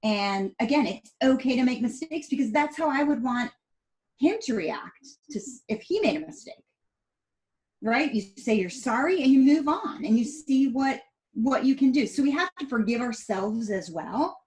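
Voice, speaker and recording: A middle-aged woman, appearing as a podcast guest, chats casually and animatedly, acting out family moments and dialogue as she tells her story. Her voice is high, at normal speed, in a rough recording.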